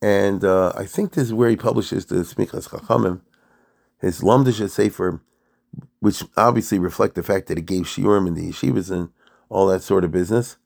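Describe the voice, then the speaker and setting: A man's voice: low voice, moderate pace, gravelly, a little mellow. A man giving an informal spoken lecture on history, chatty and digressive, often asking his listeners rhetorical questions.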